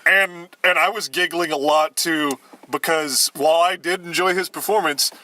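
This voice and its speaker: A man co-hosting a casual movie review chat, animated and profane, often breaking into laughter. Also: on the high side, normal speed, distant mic. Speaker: podcast co-host.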